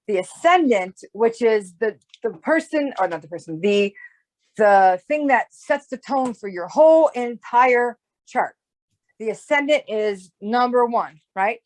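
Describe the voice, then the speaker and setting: This astrologer guest has a mid-range, animated voice and a measured pace. Chatting casually, she explains ideas at rambling length, often starting over and tossing in "right?" to keep the listener with her.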